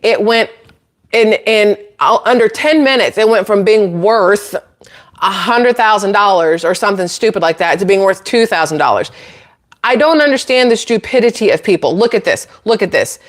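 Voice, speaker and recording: A woman's voice: mid-range voice, expressive, moderate pace. A woman hosting her own channel, ranting to camera in a blunt, sarcastic, incredulous way with exasperated laughs. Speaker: channel host.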